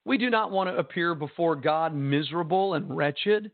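A man preaching a sermon in a slow, emphatic and impassioned way, repeating his phrases for effect. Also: on the high side, dry recording. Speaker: pastor. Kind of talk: sermon on radio broadcast. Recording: tinny phone-line broadcast.

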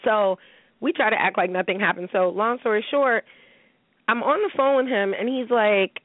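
A woman's voice: mid-range voice, moderate pace, no echo. Woman, podcast host, casual chat, swears freely, phone-line sound, dry. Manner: profane, animated storytelling with blunt outbursts.

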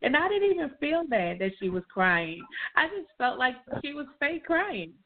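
A woman's voice: sits high, moderate pace. A woman co-hosting a casual talk show, animatedly telling a childhood story. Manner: animated, reminiscing, emphatic. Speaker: co-host. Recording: tinny phone-like line.

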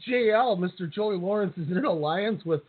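A man's voice: high voice, animated, a little fast. A man co-hosting a podcast, chatting casually and jokily with lots of restarts. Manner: rambling, jokey, with many restarts. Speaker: podcast co-host. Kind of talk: casual chat recapping a reality show. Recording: tinny phone-like line.

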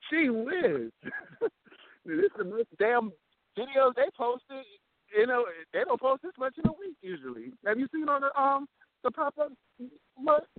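A man co-hosting a casual political chat podcast, talking in a boastful, animated way with plenty of swearing. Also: very high voice, a little slow, long pauses. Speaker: podcast co-host. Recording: tinny phone-like sound.

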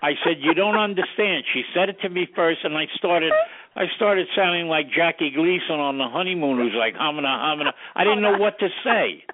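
Speaking at a moderate pace in a voice on the high side, this ex-studio sound engineer shares stories in an interview, performing the quoted dialogue with animation. The radio audio sounds tinny and phone-like, with slight background noise.

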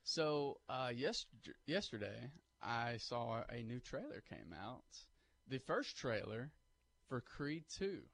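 A man, co-hosting sports talk radio on a studio mic, animated and pushing emphatic hot takes. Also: mid-range voice, slow pace, creaky. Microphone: studio microphone.

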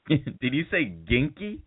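A man's voice: on the high side, breathy edge. Rambling male podcast host, tinny sound. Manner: rambling, laughing while telling stories. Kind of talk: casual chat, storytelling.

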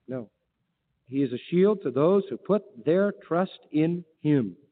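A man's voice: a little high, animated, slow pace. A male preacher delivering a sermon, emphatic, firing rhetorical questions and quoting scripture. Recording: tinny phone-like line with long reverb.

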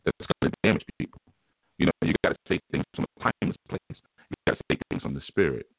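A man with a very deep, gravelly, slightly rough voice speaks fast with lively intonation. He gives an informal spiritual teaching in a folksy, colloquial, chuckling style, illustrating points with homespun stories. The recording is dry and tinny, phone-like, with no room sound.

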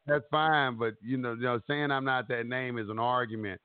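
A man hosting a casual instructional chat, animated and repetitive, acting out what he says in court. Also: mid-range voice, moderate pace, smooth, no room sound. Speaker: host giving advice. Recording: dry tinny phone-like audio.

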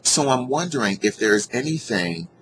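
A man casually telling a personal story to his viewers, earnest and heartfelt, animated when he retells what people said. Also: mid-range voice, moderate pace, slight background noise, rough recording. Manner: animated, acts out quoted dialogue in a raised voice; earnest and heartfelt about gratitude. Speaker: vlogger sharing a personal story.

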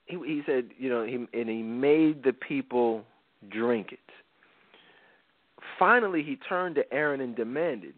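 A man's voice: medium pitch, animated, a little slow, dry recording. A man hosting a talk show, retelling a Bible story in casual slang and acting out the quotes. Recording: dry, phone-like radio sound.

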